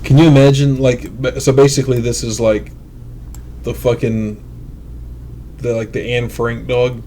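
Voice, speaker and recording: A man's voice: medium pitch, flat delivery, measured pace, warm tone, slight background noise. A man co-hosting a podcast, rambling and profane in casual chat. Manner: rambling, profane, laughs at own jokes. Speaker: podcast co-host.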